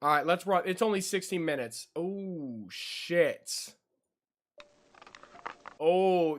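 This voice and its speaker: Slow-talking jumpy young male streamer. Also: high voice. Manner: jumpy, easily startled, yelps and shrieks. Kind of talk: live-stream reaction commentary. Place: home room at his computer.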